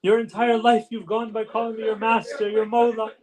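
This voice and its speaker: A man's voice: high voice, flat delivery, fairly quick, a little mellow, lightly acted. A man preaching a sermon, voicing a sorrowful leader who speaks tenderly to a dying companion. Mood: grieving. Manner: tender, grieving.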